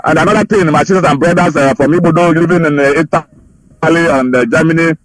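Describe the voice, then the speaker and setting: Dude calling into radio, talks fast, kinda high voice, fervent and repeating himself. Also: male voice, dry recording, rough recording. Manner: fervent, urgent, repetitive. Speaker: caller. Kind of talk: phoned-in radio appeal.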